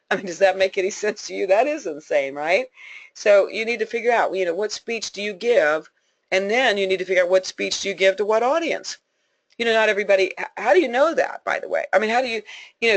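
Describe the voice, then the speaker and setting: A woman's voice: mid-range voice, no room sound. A woman leading a sales team, giving a motivational conference call talk in a folksy, emphatic way, repeating points for emphasis and laughing often.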